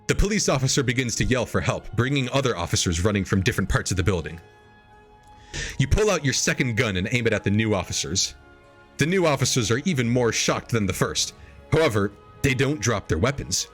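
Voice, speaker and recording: A man hosting a podcast, reading an AI-written story aloud as a comedic dramatic reading and pitching quoted lines up into exaggerated voices. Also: animated, normal speed, a bit bright, faint music behind. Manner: reads quoted lines in exaggerated higher voices, laughing at the text. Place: home streaming setup.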